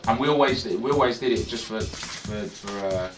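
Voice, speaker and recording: A British man and radio DJ, speaking as a guest to a class about presenting, animatedly acting out examples and shifting his loudness. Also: medium pitch, normal speed. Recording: roomy classroom, distant mic, music behind.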